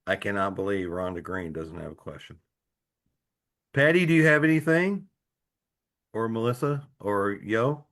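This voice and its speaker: A man's voice: on the low side, animated, normal speed, pauses often, a bit bright. A man from Tennessee hosting a group discussion, encouraging and friendly with the participants. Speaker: host.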